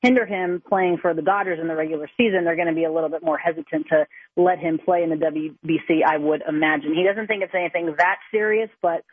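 A woman's voice: on the low side, fairly even intonation, fast talker, husky, no echo. A woman sports reporter calling in to a radio interview, chatty and enthusiastic, heard over the telephone. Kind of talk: phone-in interview. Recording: tinny phone line.

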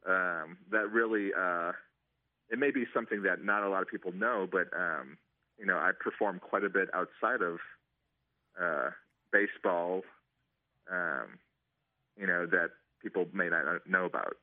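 Deep-voiced man on a tinny phone line. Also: a little slow, no room sound. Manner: hesitant, many ums and restarts. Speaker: stadium organist. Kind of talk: casual interview answers.

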